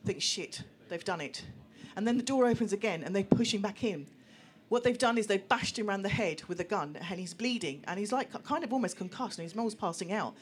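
A woman telling a personal story to a live audience, lively and acting out voices of other people. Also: medium pitch, fairly quick. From England. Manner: animated, acts out voices, laughs through the telling. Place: small venue room with an audience.

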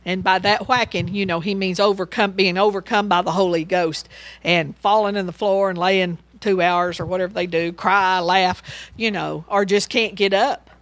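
A woman's voice: medium pitch, steady tone, normal speed, no room sound. A woman giving a casual Bible teaching, rambling and chatty, and she laughs as she tells stories.

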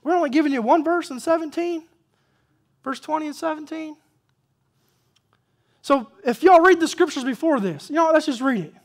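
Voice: high voice, normal speed, pauses often. A pastor preaching a sermon, repeating key phrases for emphasis and asking the congregation questions. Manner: asks the congregation questions, calls for amen.

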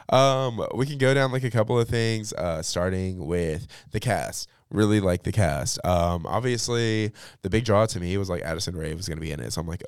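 A man's voice: low voice, moderate pace, clear, resonant tone, dry recording, studio quality. Slangy young man hosting a podcast. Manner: chatty, slangy, swears freely, many fillers. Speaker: podcast host. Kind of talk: casual pop culture chat and review.

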